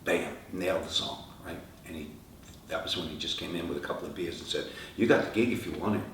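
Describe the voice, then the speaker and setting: A middle-aged man, a rock singer, telling lively stories in an interview and acting out the voices of the people in them. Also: low voice, fast talker. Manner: animated anecdotes, acting out quoted dialogue. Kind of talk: storytelling interview answers. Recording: echoey room, from far off, faint noise.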